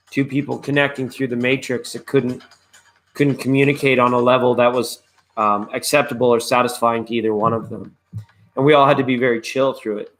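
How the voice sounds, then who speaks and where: A man's voice: mid-range voice, a bit bright. A man hosting a live online tarot reading, chatting in a laid-back, rambling way and greeting viewers by name. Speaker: tarot reader and live show host.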